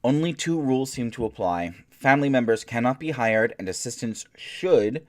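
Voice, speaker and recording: A man hosting his own show, reading news articles aloud and breaking off for dry, sarcastic asides in an unhurried, halting way. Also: on the low side, darkish tone. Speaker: streamer and host.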